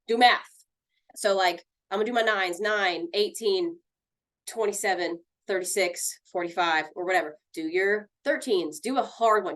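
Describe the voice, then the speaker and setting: A woman leads a mindfulness class in a lively, conversational way. Her pitch moves freely as she explains, and she often slips into little acted-out quotes of friends. Her voice sits at an ordinary middle pitch. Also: normal speed. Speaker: teacher.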